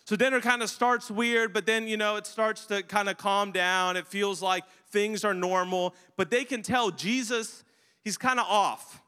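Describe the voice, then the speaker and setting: A man's voice: high voice, fairly even intonation, unhurried, bright, forceful tone, clean tone, long reverb tail. A man preaching a sermon as a pastor, telling the story in a casual, humorous way.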